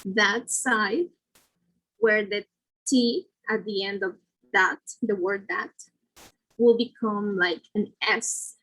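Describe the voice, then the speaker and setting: A woman's voice: medium pitch, slow, long pauses, fairly bright tone, poor audio. A woman presenting a lesson, explaining step by step with fillers and self-corrections. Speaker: student presenter.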